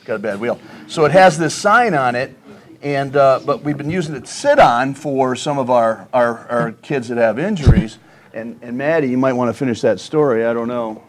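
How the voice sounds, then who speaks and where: A man's voice: medium pitch, normal speed. A man, a volleyball coach, chatting easygoingly and joking with his players. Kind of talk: casual panel chat.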